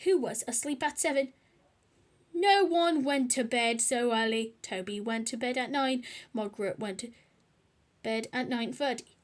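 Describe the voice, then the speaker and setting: A woman's voice: a little high, measured pace. A woman reading a children's book aloud, adding chatty asides. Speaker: storyteller.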